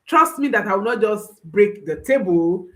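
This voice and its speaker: A woman's voice: medium pitch, animated, moderate pace, fairly bright tone, poor audio. A woman speaking as a parenting coach, giving an instructional talk and repeating key phrases for emphasis while reassuring listeners directly.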